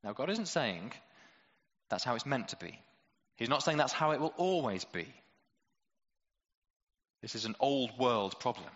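Bright-voiced male preacher in a hall. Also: medium pitch, animated, unhurried, pauses often, dull audio. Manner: conversational, lots of rhetorical questions, playful asides. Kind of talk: sermon.

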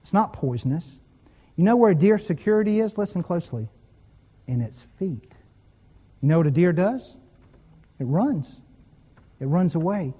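A man's voice: sits high, expressive, normal speed, long pauses, dark tone, slightly rough, in a large hall. A man preaching a sermon, telling personal stories with quoted voices and laughing at times. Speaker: pastor.

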